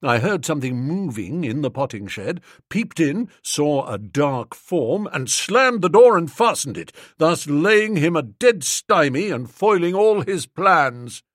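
Boko: man doing a cocky, patronizing young gent, quick and bouncy, dry close read. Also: a little high, sing-song, fairly bright tone, dry recording, full character voice. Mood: self-satisfied. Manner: brisk, self-satisfied, patronizing. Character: boastful excitable young English gentleman.

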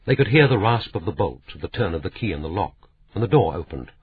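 A man narrating an audiobook in a steady, measured reading. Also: sits low, breathy edge. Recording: tinny phone-like sound.

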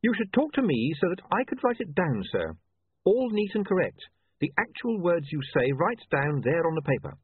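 A man's voice: fairly high pitch, very animated, normal speed, husky, no echo, voice pushed up. A man voicing a polite, earnest young male reporter who speaks in a deferential way. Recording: tinny, dry, phone-like sound.

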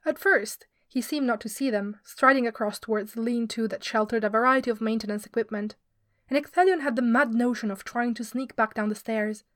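A woman narrating fan fiction aloud in a steady, even manner. Her voice sits fairly high, and the recording is dry and close with no room sound. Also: fairly quick, no room sound. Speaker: podfic reader. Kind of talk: scripted story narration.

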